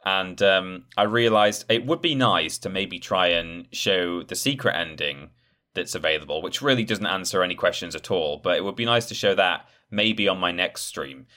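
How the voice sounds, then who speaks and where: A man's voice: sits low, moderate pace, sharp tone. A man co-hosting a gaming podcast in casual chat, talking in a chatty, meandering way and correcting himself as he goes. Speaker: podcast co-host.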